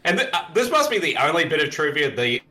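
A man gives excited, exclamatory commentary on a movie among friends. His voice is bright and sits slightly high. His pitch moves a lot as he reacts. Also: fast talker. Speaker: co-host watching a movie. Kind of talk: casual group chat over a movie.

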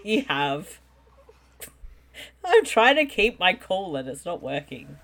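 A woman's voice: on the low side, very animated, slow pace, fairly bright tone. A woman chatting casually over a movie, dry and teasing. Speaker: co-host.

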